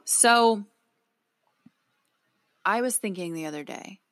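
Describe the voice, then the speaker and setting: This young woman co-hosts a podcast, talking in a loose, rambling way and frequently breaking off her own sentences. She speaks slowly at a medium pitch, captured in clean studio sound with no room noise.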